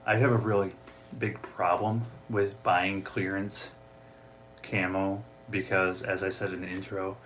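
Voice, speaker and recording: A podcast host with an Upper Midwest American accent talks alone from his home office into a desk mic, also streaming live. His deep voice barely shifts in pitch, has a fairly bright tone, and keeps a measured pace, with a little hiss or hum. He stays chatty and jokey and acts out voices for gags.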